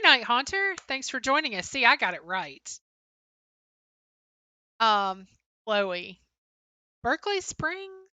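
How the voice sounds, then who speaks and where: Young woman, stream co-host, bright, close dry sound, casual chat-reading, lots of "um". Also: mid-range voice, dry recording. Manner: chatty, answers chat names, frequent "um" fillers. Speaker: livestream co-host. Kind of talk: casual livestream chat, reading viewer comments.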